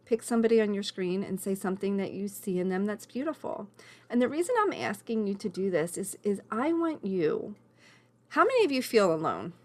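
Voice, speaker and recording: A woman's voice: medium pitch, big pitch swings, brisk. Woman coach, earnest and emotional, leading an online class on a video call; encouraging, personal. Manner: emotional, earnest, encouraging, addresses people by name. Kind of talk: live online workshop.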